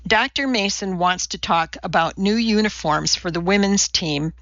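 A woman's voice: medium pitch, moderate pace, a bit bright, no room sound, dull audio, natural voice. A woman voicing a protective, feisty older female neighbor who chats indignantly, in a storybook reading. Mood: chatty. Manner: chatty, indignant.

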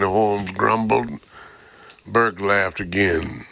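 A man reading scripted audiobook narration in a measured, even storytelling manner, in a dull lo-fi recording. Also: medium pitch, no room sound.

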